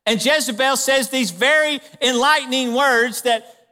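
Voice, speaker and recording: Male pastor, high and bright, animated conversational sermon, church reverb. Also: measured pace.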